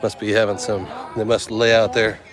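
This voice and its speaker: A man's voice: on the low side, level tone, normal speed, a crowd in the background, low-quality recording. A man walking through a seaside town outdoors, chatting casually and joking for his travel vlog. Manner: joking, chatty, thinking aloud. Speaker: travel vlogger.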